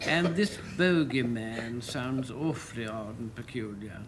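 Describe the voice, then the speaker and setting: A man's voice: medium pitch, measured pace. A man on a panel game team, speaking in a fussy, exclamatory manner. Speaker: team member. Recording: noisy 1980s TV studio.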